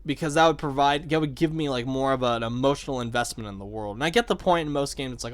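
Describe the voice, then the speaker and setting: A young man chatting excitedly about a video game, swearing and saying "like" a lot as the show's host. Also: mid-range voice, fast. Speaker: podcast host. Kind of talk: casual game discussion.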